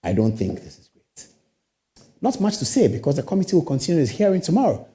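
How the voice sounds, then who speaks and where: Indignant Ghanaian man with animated pitch. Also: fast talker. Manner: indignant, rhetorical questions, repeats himself. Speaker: talk show host. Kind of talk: studio commentary.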